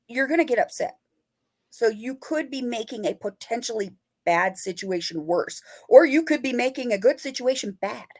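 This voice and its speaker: Animated woman paranormal investigator. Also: fairly high pitch. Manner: animated, playful, acts out quoted lines. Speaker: paranormal investigator and author, guest. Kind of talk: casual interview chat.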